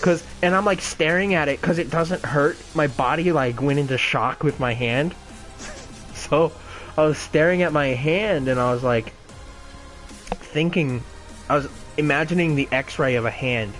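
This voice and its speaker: A man's voice: a little high, measured pace, a bit bright, faint music behind. A man in his twenties telling a casual, rambling story full of swearing and self-mocking laughs. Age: 20s. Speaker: gaming channel host.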